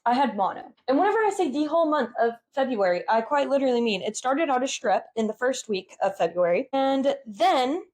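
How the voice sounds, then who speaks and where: A woman's voice: high-pitched, lively intonation, a little fast, hardly any pauses, darkish tone, poor audio. A young woman co-hosting a casual chat, giggly and crude in her jokes, telling stories with plenty of animation. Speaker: co-host.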